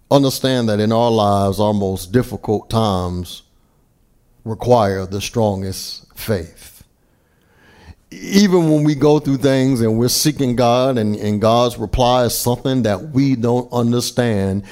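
A man preaching a sermon, deliberate and emphatic, with occasional small stammers and restarts. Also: medium pitch, darkish tone.

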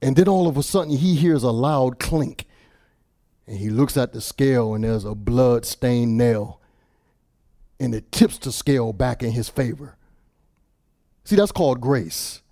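A man preaching a sermon with passion, repeating words and swinging from hushed storytelling to shouted declarations. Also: medium pitch, measured pace, pauses often, no room sound, clean studio sound.

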